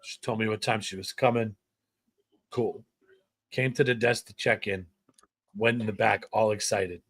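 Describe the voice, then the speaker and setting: A man's voice: fairly low pitch, moderate pace, long pauses, husky, no echo. Man telling a story in casual chat. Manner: animated storyteller, acts out quoted voices. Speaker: podcast co-host.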